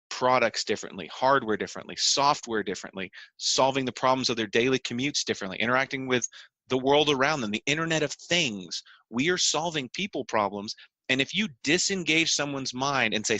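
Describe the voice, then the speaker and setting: Give me an earnest man explaining ideas on a podcast, with a bright, forceful tone. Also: medium pitch, dry recording. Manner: earnest, builds points through repetition. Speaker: podcast co-host. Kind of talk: explaining with examples.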